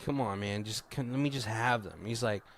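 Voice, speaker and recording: A man's voice: lowish voice, a little fast, slight background noise. A man co-hosting a casual movie review podcast, swearing freely and laughing as he retells scenes. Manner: profane, laughing, retells scenes doing quoted lines. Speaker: podcast co-host.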